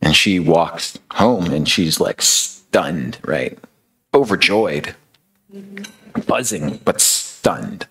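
Guy preaching like he's just telling a story, super low gravelly husky voice. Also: animated, drawn-out words, bright, forceful tone, low-quality recording. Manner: casual, filler-heavy retelling. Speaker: speaker. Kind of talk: storytelling sermon.

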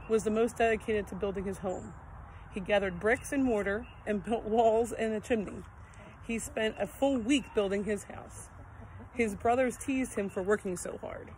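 A woman reading a children's story aloud in a gentle, expressive read-aloud manner. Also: fairly high pitch, a little hiss or hum, low-quality recording.

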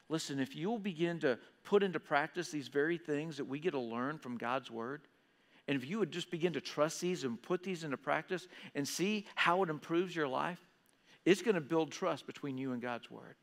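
High-voiced preaching man in a reverberant hall. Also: fairly quick. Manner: animated preaching, acts out listeners' voices. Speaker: pastor. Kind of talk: sermon. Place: church auditorium. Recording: long reverb of a church hall.

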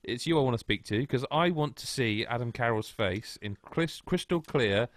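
A man's voice: mid-range voice, expressive, moderate pace, no echo. A man hosting a casual gaming podcast over a video call, chatty and teasing, swearing freely. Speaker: podcast host.

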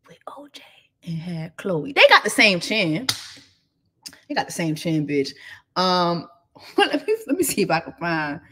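A woman hosting a casual celebrity gossip show, talking loud and profane, laughing often and reading viewer comments aloud. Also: lowish voice. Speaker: show host.

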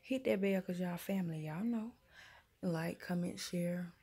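A woman's voice: fairly low pitch, normal speed, dark tone, breathy edge, no echo. A mother, chatting casually to her viewers in a vlog and calling them y'all. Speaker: vlogger, mother. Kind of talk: casual vlog talk to camera. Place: in a car, then at home. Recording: noisy car and street background.

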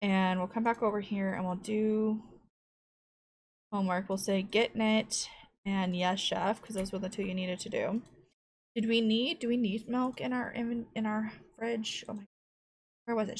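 A woman giving casual gameplay commentary at home into a desk microphone, chatting as she thinks aloud and cooing to her cat. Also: mid-range voice. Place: home room at a computer.

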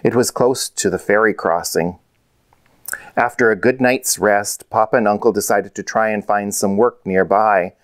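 A man's voice: on the low side, steady tone, moderate pace, smooth, no room sound. Man reading a children's story aloud. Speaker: author reading his book.

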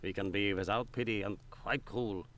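A man's voice: lowish voice, steady tone, moderate pace, fairly bright tone, lightly acted. An actor playing a guarded, earnest Jewish man in Victorian London in a video game, explaining things earnestly.

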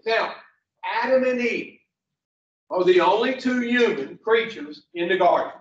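A blunt man lectures a class in slow, folksy stories, joking and cursing as he goes. His voice is fairly high. He is heard from a distance in an echoey room on a dull, muffled recording. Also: lively intonation. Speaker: recovery program instructor. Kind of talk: folksy storytelling lesson.

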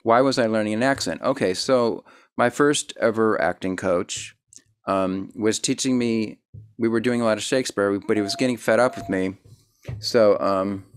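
A man's voice: on the low side, moderate pace, smooth. A man hosting a casual interview, rambling and self-deprecating, full of fillers and restarts. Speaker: host.

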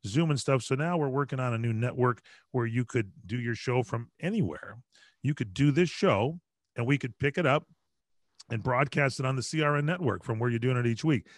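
A middle-aged man, a radio broadcaster, telling stories in a lively, joking way over a video call. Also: mid-range voice, dry recording, clean studio sound. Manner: lively, chatty, quick to joke. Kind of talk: animated storytelling in conversation.

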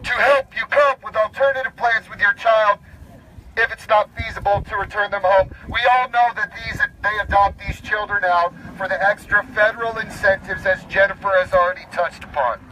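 A man speaking at an outdoor street protest, his voice pitched high and sharp with tension. He reads out official rules and knocks each one down in a blunt, indignant tone. Faint street noise sits behind him. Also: fairly even intonation, normal speed, rough recording. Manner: indignant, reads rules aloud then rebuts them bluntly. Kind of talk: impassioned protest speech.

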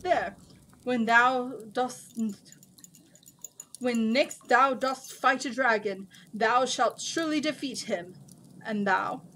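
Woman doing a dramatic old jinn guy, all thee and thou, kinda high. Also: slow, fairly bright tone, slight background noise, poor audio. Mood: formal. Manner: archaic speech, grand declarations. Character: ancient male jinn, formal and dramatic.

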